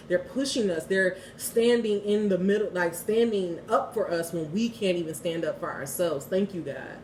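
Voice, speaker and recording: A woman in her thirties giving a casual spiritual card reading and prayer, candid and quick to swear and laugh. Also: lowish voice, a little hiss or hum. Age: 30s. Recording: echoey room, heard from a distance.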